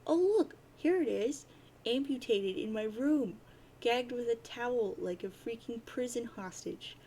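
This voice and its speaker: A woman's voice: a little high, a little slow, a little hiss or hum, voice pushed up. Dave, a woman doing a sarcastic teen boy. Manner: crude, rambling deadpan rants. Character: sarcastic teenage boy, rambling and cocky.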